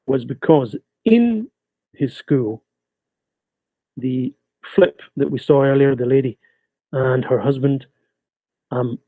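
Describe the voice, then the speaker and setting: Guy giving a webinar talk, slow and explaining, lots of pauses, tinny call audio. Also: mid-range voice, breathy edge, no echo. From Scotland. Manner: measured, explanatory, pausing often. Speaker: guest speaker. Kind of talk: webinar lecture. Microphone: video call.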